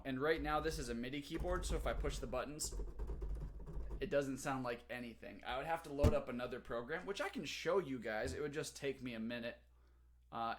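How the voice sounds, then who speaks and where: A man's voice: medium pitch, fairly bright tone. A young man, a teacher, chatting casually on a livestream from home, reading the chat aloud and talking while he eats.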